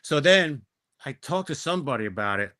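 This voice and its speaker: A man's voice: a little high, a little fast. A middle-aged man, a guest actor, telling casual stories about his work and acting out the lines people said to him. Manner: animated, acts out quoted dialogue. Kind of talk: casual storytelling.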